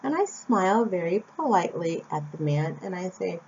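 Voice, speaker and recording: A young American vlogger from Phoenix, Arizona, tells a personal story in a chatty, casual way, adding asides to the viewer. Her voice is low, sing-song and darkish, at a moderate pace with few pauses. The lo-fi recording is slightly dull, with a little hiss or hum.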